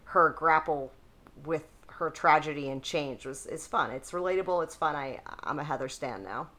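A woman's voice: low-pitched, normal speed, bright, forceful tone. A woman co-hosting a casual TV recap podcast, talking with enthusiastic opinions. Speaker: podcast co-host. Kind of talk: casual chat.

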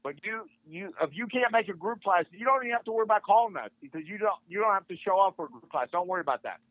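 An older man with a notably high voice tells a story in a lively, casual way, slipping into the voices of the people he quotes. He is a martial arts instructor appearing as a podcast guest. He comes through a thin, phone-like line with no room sound at all. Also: very fast, no room sound. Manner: animated, acts out quoted dialogue. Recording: tinny phone-like line, dry.

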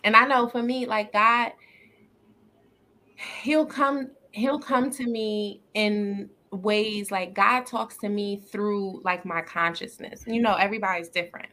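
A woman's voice: medium pitch, steady tone, measured pace, pushed and bright, slight background noise. A woman co-hosting a faith podcast in casual chat, earnest and upbeat, laughing often. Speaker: podcast co-host.

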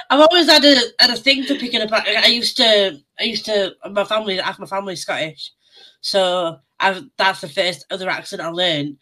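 Bright-voiced woman podcast co-host. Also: mid-range voice, normal speed, rough recording. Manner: lively, chatty, swears casually. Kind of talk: casual chat.

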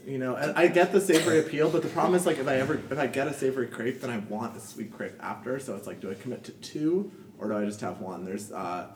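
A man's voice: mid-range voice, fast, darkish tone, distant mic. Chatty young man hosting a podcast. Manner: chatty, many fillers and laughs. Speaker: podcast host. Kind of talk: casual chat. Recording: roomy, off-mic with faint noise.

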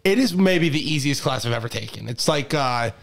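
A young man co-hosting a sports podcast, telling a story in a lively, laughing way with plenty of false starts. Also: mid-range voice, a little fast, creaky. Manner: animated storytelling with laughs and restarts. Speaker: podcast co-host. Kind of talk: casual sports podcast banter.

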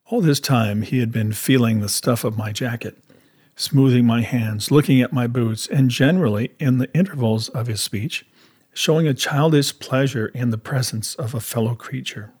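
A man reading a classic adventure novel aloud as first-person audiobook narration, in a measured, even storytelling manner. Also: medium pitch, slightly rough.

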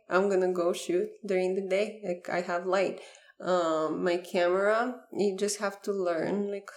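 A young woman talks as a podcast guest in an earnest, heartfelt way. Her voice sits a little low, and her speech is full of "like" fillers and restarts. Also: darkish tone. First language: Bulgarian. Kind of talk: casual interview talk.

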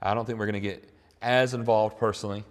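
A middle-aged pastor preaching in a low-pitched voice that carries a long reverb. He delivers the sermon earnestly, swinging between emphatic declarations and hushed, reflective asides. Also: steady tone, fast talker. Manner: earnest, rises to emphatic peaks, then drops to quiet reflection.

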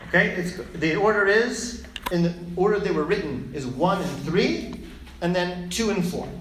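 A teacher giving a lively lesson, asking and answering their own questions and acting out the story. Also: medium pitch, moderate pace, slight background noise. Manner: animated, asks and answers own questions, acts out voices. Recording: echoey room with faint ambience.

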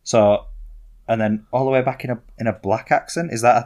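A man's voice: medium pitch, fairly quick, darkish tone. A young man, telling rambling, self-mocking stories as a podcast co-host. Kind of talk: casual storytelling chat.

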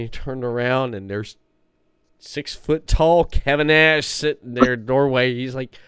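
A man hosting a podcast rambles through stories in relaxed chat, often breaking into laughter. He speaks at normal speed in a medium-pitched, slightly bright, clean voice, recorded dry with studio quality.

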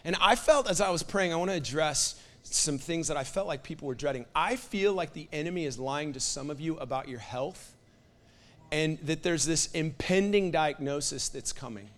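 A young man preaching with a high, bright voice. He speaks in a loose, conversational way, full of "like" and restarts, then rises into loud, fervent proclamations as he works himself up. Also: expressive, moderate pace. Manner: impassioned, builds to loud prophetic declarations with fillers like "like". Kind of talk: sermon.

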